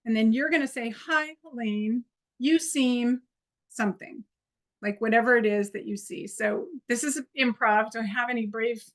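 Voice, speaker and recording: A woman instructor leading an improv exercise in a training workshop, encouraging and conversational. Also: a little high. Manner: encouraging, conversational, with playful demonstrations.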